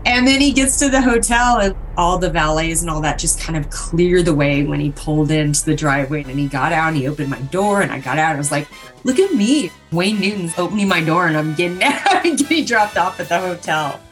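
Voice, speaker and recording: A woman's voice: sits low, animated, brisk, few pauses, fairly bright tone, soft background music. A woman telling a personal anecdote in a conversational, amused way and acting out the people she quotes. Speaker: storyteller. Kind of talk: casual storytelling.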